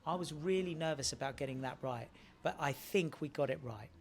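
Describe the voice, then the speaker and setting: This Australian actor speaks briskly in a voice on the high side. Fielding questions in a relaxed press interview, he comes across chatty and friendly and keeps restarting his phrases.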